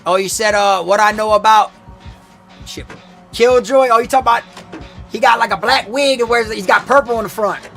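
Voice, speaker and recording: A streamer man with a high, gravelly voice and a bright, forceful edge. He rambles through stories in slang, restarting his sentences, while game music plays faintly behind him. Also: normal speed. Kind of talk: casual gaming stream chat.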